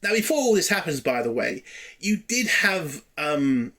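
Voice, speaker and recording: A man's voice: a little high, sing-song, a little slow, sharp tone. A man giving a casual spoken review of a TV episode, blunt and exasperated, swearing freely.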